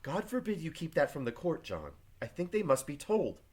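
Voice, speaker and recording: A man voicing Elizabeth Proctor, a reserved farm wife, read quietly and plainly from a play. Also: fairly high pitch, wildly swooping pitch, normal speed, slightly rough, full character voice. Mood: guarded. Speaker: teacher reading a play aloud. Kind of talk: reading play aloud to a class.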